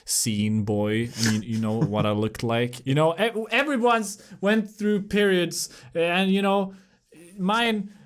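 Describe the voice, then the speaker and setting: A man's voice: high-pitched, takes it slowly. Stammering young man co-hosting. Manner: stammering repeats, laughing, upbeat. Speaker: podcast co-host. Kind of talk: casual chat.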